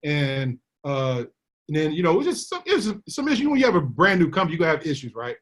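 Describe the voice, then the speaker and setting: A man tells his team a business story. He slips into the voices of the people he quotes, full of animated energy. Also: fairly high pitch, fast. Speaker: network marketing leader.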